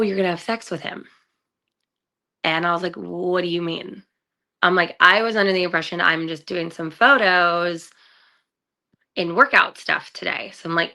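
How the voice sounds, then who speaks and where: A woman's voice: on the low side, vocal fry, pushed and bright. A woman guest telling her own story in a conversation, candid, with many fillers and acted-out quotes of what people said. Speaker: guest, trafficking survivor.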